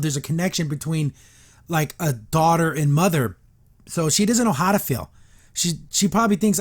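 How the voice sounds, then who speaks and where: A man hosting a review podcast, casually retelling a cartoon episode and briefly acting out the characters' lines. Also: fairly high pitch. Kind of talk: casual recap and reaction.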